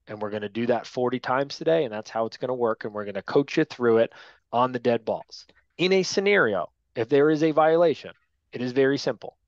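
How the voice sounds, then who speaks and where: A man's voice: medium pitch, expressive, a little fast, dry recording. A man teaching a training class for new sports officials, direct and to the point, often tagging his points with "right?". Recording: dull lo-fi dry sound.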